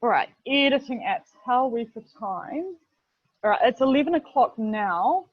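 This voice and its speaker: A woman's voice: on the high side, animated, normal speed, dry recording. A woman with a New Zealand accent giving a casual, chatty webinar lesson, full of fillers and the word "literally". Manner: chatty, filler-heavy, keeps saying "literally". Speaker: webinar presenter, video production head. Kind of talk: casual instructional webinar talk. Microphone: video call. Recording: dull, dry lo-fi video-call audio.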